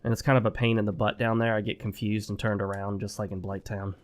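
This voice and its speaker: A man's voice: lowish voice, little pitch movement, quick pace. Rambling male gameplay commentator. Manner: rambling, opinionated, talks straight to viewers. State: sick. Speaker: gaming channel host. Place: home.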